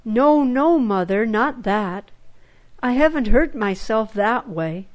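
A tearful, remorseful little boy from a children's storybook, read by a woman. He pleads earnestly and slowly, his voice a little high.

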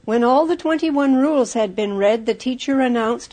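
A woman narrating a children's storybook aloud in a clear, measured way. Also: a little high, darkish tone.

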